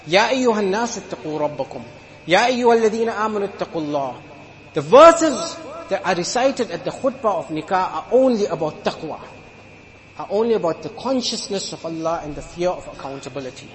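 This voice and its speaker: High-voiced man preaching in a reverberant hall. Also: animated, normal speed. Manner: emphatic, with humorous anecdotes. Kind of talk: sermon.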